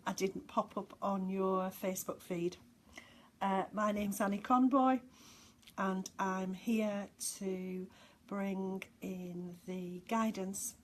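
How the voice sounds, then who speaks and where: A middle-aged woman talks slowly and chattily on a live stream, breaking into giggles and filling her pauses with ums. Her voice sits at a middle pitch, and a faint hiss runs under the recording. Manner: giggly, chatty, with frequent laughs and fillers. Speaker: medium giving weekly guidance. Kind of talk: casual live-stream talk.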